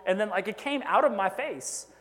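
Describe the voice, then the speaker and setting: Man, pastor, high voice, casual sermon, asks "right?" often, long hall reverb. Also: expressive, moderate pace, fairly bright tone. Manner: conversational, frequent "right?" asides, self-deprecating humor.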